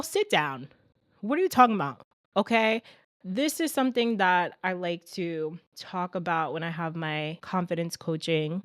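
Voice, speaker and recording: A young adult woman hosts a casual solo podcast, talking straight to her listeners with lots of animated emphasis. Her voice sits on the lower side for a woman. The sound is close and dry, with no room behind it. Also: dry recording. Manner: animated, talks straight to listeners, calls them "sis" and "girl". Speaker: podcast host.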